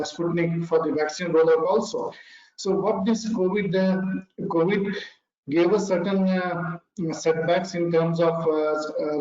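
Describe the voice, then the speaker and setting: Indian guy on a panel call, kinda high voice, lots of uhs, echoey muffled audio. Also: darkish tone. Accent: Indian English. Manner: halting, many fillers and restarts. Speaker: pharma supply chain panelist. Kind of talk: panel discussion over video call. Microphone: video call.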